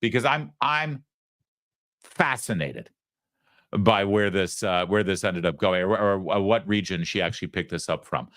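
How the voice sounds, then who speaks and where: A man hosting a political talk show, giving mocking, animated commentary. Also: low-pitched, moderate pace, dry recording, studio quality.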